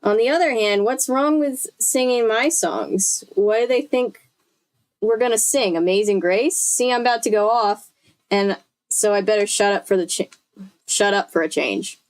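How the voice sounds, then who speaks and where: Woman reading a book out loud, chatty, keeps stopping to react and laugh. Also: medium pitch, normal speed, smooth. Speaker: host. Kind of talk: reading a book aloud with commentary.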